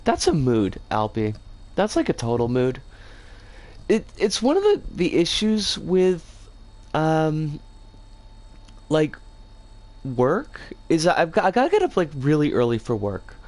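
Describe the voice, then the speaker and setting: A streamer chats casually to their livestream, drifting from one thought to the next and dropping bits of playful slang. The voice sounds rough and scratchy today. The delivery is unhurried, but the pitch swings up and down a lot. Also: huge pitch swings, a little mellow. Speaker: game streamer.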